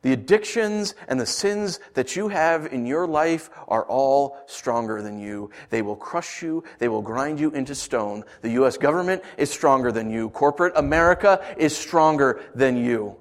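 A man preaching a sermon, swinging from hushed lines to emphatic ones and asking rhetorical questions. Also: medium pitch, expressive, moderate pace, few pauses. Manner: rhetorical questions, storytelling asides. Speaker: pastor.

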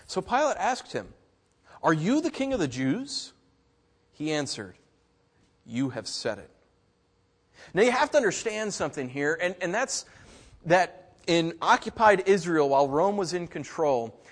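A middle-aged man preaching a sermon, telling a childhood story with lively, animated delivery and mimicking other voices. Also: on the high side. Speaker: pastor. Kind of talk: sermon with personal stories.

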